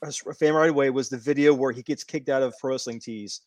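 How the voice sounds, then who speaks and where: A male co-host of a casual wrestling podcast talks fast in a mid-range voice with fairly even intonation, spinning a long rambling story with many restarts. There's no room sound, just a clean studio recording.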